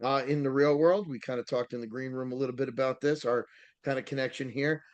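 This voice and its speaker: A man's voice: mid-range voice, steady tone, quick pace, lo-fi sound. A man hosting a podcast in casual chat, rambling with frequent fillers and restarts. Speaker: podcast host.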